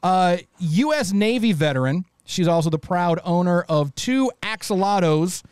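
Man, podcast host, joking and playful, slightly high voice, dry close sound. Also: expressive, unhurried, darkish tone, smooth, dry recording. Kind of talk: casual podcast panel chat.

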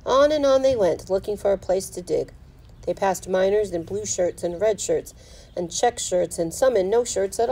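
A teacher reading a children's novel aloud at home, in steady storybook narration. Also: female voice, medium pitch, rough recording. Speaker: fourth grade teacher.

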